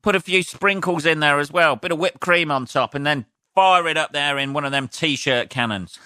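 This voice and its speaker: A man's voice: a little high, moderate pace, sharp tone, clear, resonant tone, no echo, clean studio sound. A man hosting his own podcast, rambling and swearing casually, sniffly from sneezing, laughing at his own jokes. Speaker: podcast host. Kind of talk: casual solo podcast rant.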